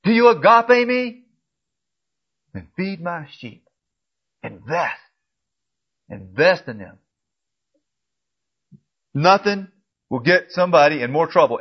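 Man preaching a dynamic sermon. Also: a little high. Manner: preaching with emphatic repeated questions, swinging from soft to loud. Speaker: pastor. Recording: dull lo-fi recording.

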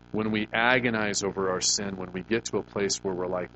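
Middle-aged guy preaching, lowish voice, chatty, tells family stories, hum behind him. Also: fairly even intonation, fairly quick, few pauses. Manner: conversational, asks the congregation questions; folksy personal storytelling. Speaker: pastor. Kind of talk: sermon.

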